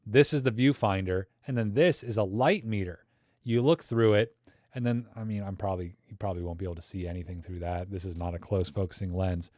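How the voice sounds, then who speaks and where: A man's voice: deep voice, fairly quick, darkish tone, no room sound. Man hosting a casual, dry-sounding livestream. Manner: rambling, enthusiastic, slangy. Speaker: livestream host. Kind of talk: casual live Q&A chat.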